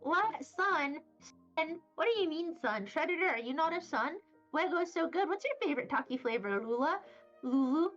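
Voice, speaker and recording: A young woman from Wyoming chats on stream in a high, lively voice, jumping between silly tangents. The sound is a little dull and muffled. Faint music plays underneath. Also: moderate pace. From Wyoming, USA. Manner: rambling, silly and playful. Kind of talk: casual chat, reading chat messages. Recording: slightly dull audio with faint background music.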